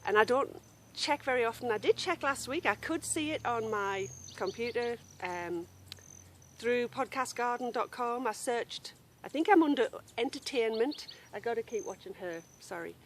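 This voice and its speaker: Recording her knitting podcast from a grassy yard, a woman chats casually at a normal speed in a slightly high, animated voice. She keeps apologising for interruptions, stopping now and then to call her wandering dog. Slight background noise is audible.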